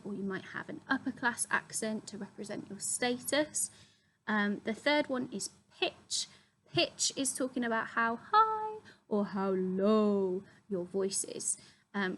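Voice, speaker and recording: A woman's voice: on the high side, a bit bright, a little hiss or hum, low-quality recording. A young woman, a drama teacher, steadily explaining acting terms to her students with frequent ums. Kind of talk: classroom explainer video.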